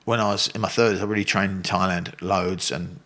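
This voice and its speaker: Deep and steady, a bit bright, and fairly quick, this voice belongs to a man in his sixties with an Australian accent. He's a Muay Thai coach being interviewed, spinning rambling, blunt stories punctuated by swearing and laughter.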